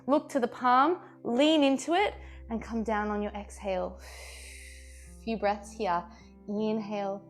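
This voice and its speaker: A woman leads a flowing yoga class, calling out each breath and pose in a calm, encouraging voice. Her pitch sits in the middle range, and soft music plays faintly behind her. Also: a little slow. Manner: calm, encouraging cueing with playful asides. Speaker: yoga teacher. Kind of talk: guided yoga class instruction.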